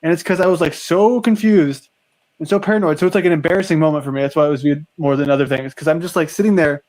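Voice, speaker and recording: A man's voice: a little high, darkish tone. A young man, a streamer, chatting casually in a rambling way with lots of fillers. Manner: rambling, filler-heavy, quick. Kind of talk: casual chat.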